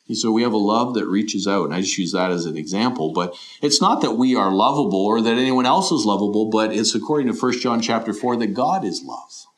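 A middle-aged man preaching a sermon in an earnest, questioning way, often voicing imagined listeners. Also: lowish voice. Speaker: pastor.

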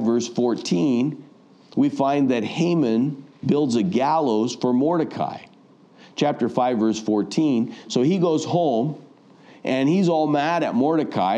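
Mellow-voiced man preaching a sermon. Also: medium pitch. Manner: storytelling, acts out quoted voices.

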